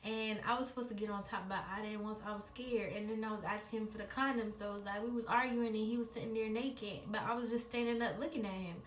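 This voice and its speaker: A woman's voice: medium pitch, fairly even intonation, fast, hardly any pauses, recorded from a distance. Woman vlogger, casual storytime, slangy, echoey room, faint hiss. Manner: chatty, slangy, addresses viewers directly.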